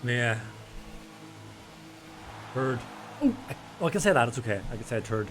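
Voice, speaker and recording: A man's voice: mid-range voice, big pitch swings, normal speed, a bit bright, soft background music. An older man doing casual, self-deprecating banter while commentating a sim race.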